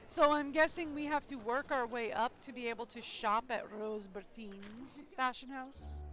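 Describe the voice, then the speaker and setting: A woman's voice: a little high, normal speed, fairly bright tone, soft background music. A woman streamer reading a story game's narration aloud, breaking off for casual asides about her reading. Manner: reads narration aloud, then breaks off to chat. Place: home streaming setup.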